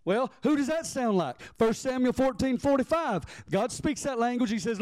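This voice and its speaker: A man preaching a folksy sermon, slowing down for emphatic lines and rushing through asides. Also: extremely high pitch, lively intonation, darkish tone, no echo. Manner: folksy preaching with Southern phrasing, swings from slow emphatic lines to quick asides. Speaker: pastor.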